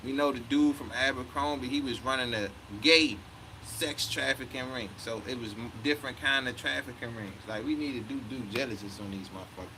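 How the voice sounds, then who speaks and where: A man's voice: mid-range voice, a little fast, noisy background. A man in his thirties telling a story in a heated, profane way, often quoting himself. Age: 30s. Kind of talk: casual storytelling rant.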